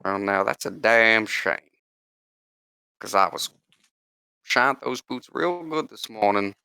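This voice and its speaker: A swaggering, bullying fleet officer drawls out folksy threats, put on by a man running a tabletop game. The voice is gravelly with a bright edge, recorded close and dry. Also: lowish voice, animated, slow, no room sound, heavily acted. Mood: mocking.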